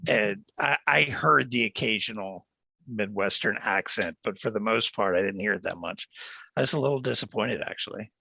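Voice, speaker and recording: A man from the Southern US hosting a podcast, chatting in a relaxed, wry way. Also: fairly low pitch, normal speed, creaky, husky, dry recording. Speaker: podcast host. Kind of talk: casual chat. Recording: dull, dry sound.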